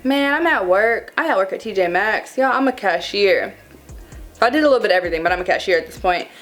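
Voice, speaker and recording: Young woman vlogger, storytime chat, animated and dramatic, mid-range voice, soft music underneath. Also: medium pitch, fast. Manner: animated, dramatic, addresses viewers as y'all.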